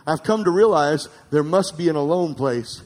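A man preaching a sermon as pastor, calling for amens and swinging from emphatic, near-shouted peaks to quiet asides. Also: fairly high pitch, lively intonation, normal speed. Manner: calls for amens from the congregation.

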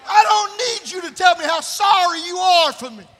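Brief: high, bright male pastor, blunt and scolding, preaching in a reverberant church hall. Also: normal speed, a faint crowd. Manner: blunt and scolding, swinging to shouting. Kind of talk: sermon.

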